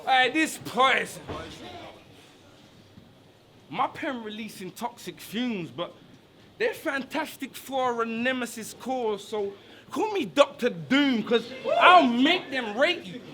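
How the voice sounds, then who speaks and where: A man performing taunting rap verses at a live battle, shouting his punchlines at an opponent. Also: extremely high pitch, sing-song, slow pace, slight background noise. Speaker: battle rapper.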